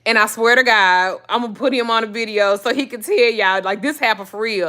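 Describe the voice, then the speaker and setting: A middle-aged woman with a fairly high, forceful voice talks straight to her viewers. She tells a personal story in a casual, blunt way, with plenty of swearing. Her voice leaps sharply upward whenever she acts out her own panic. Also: fairly quick.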